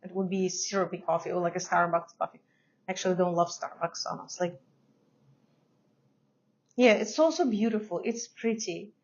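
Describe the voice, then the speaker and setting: A woman's voice: lowish voice, moderate pace, pauses often, a little mellow. Chatty woman reviewing fragrances, slightly muffled. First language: not English. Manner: chatty, hesitant, laughs often. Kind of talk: casual review to camera.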